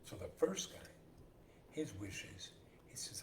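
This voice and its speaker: This man co-hosts a podcast, whispering in a creaky, mid-range voice at a measured pace as he tells jokes amid casual banter. He animatedly acts out the characters in his jokes, and faint hiss and roomy echo color the recording.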